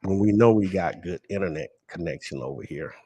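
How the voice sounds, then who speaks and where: A man's voice: deep voice, brisk, warm tone, husky. A man hosting a live stream and walking viewers through a screen, emphatic and asking himself questions he then answers. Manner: emphatic, asks and answers his own questions. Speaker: lottery stream host.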